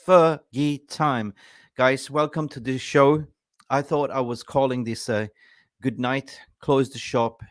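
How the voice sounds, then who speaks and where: A man hosting a football fan channel, ranting with excited emotion. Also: mid-range voice, dry recording, clean studio sound.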